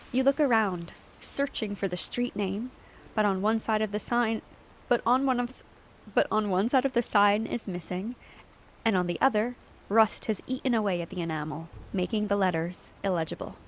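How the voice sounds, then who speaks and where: A woman's voice: mid-range voice, slight background noise. A young woman with a Philadelphia accent, playing a story game, reading narration aloud with chatty, giggly asides. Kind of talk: casual game playthrough narration.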